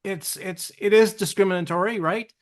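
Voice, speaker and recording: A high-pitched man co-hosting a casual podcast. He works through his point in halting stops and starts and repeats words as he goes. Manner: halting, repeats words while building an argument. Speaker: podcast co-host and producer.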